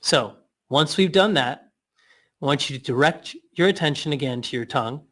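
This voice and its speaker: A man leading a guided breathing and mouth exercise, giving slow cues with playful asides. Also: on the high side, expressive, fairly bright tone.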